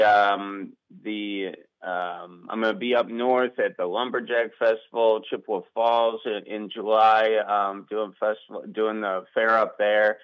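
A man's voice: on the low side, clean tone, dull audio. Rambling man. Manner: rambling, restarts often, self-deprecating. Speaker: guest comedian. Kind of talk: casual interview chat.

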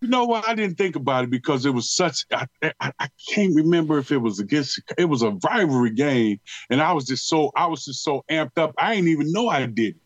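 A man's voice: on the high side, fairly quick, hardly any pauses, no echo, highs cut off. A middle-aged man from Detroit, a retired pro football player, telling stories in a casual interview with slangy talk and many repeated words. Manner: animated storyteller, drawls and repeats words, slangy.

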